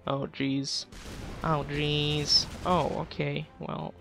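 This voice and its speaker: A man's voice: on the high side, a little slow, vocal fry, music in the background. A young man casually commenting on his game livestream, goofing around with silly trash talk and laughing at his own jokes. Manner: goofy, self-amused trash talk. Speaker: gaming livestreamer.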